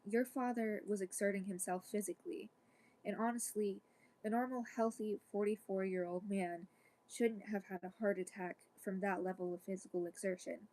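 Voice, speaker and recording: Calm, kind female doctor, read softly by a woman storyteller; warm low-key tone. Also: normal speed, lightly acted. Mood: gentle. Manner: gentle, reassuring, softly spoken.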